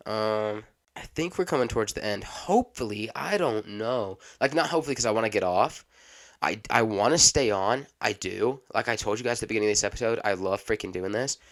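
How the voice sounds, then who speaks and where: A young man hosting a casual solo podcast, rambling off the cuff and stopping now and then to cough and clear his throat. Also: on the low side. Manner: rambling, unscripted, self-interrupting. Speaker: podcast host.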